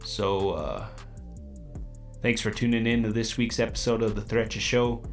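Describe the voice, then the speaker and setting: A man's voice: lowish voice, normal speed, faint music behind. Brash, foul-mouthed young man hosting a podcast. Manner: profane, brash, boastful. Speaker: podcast host. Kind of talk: crude comedic monologue.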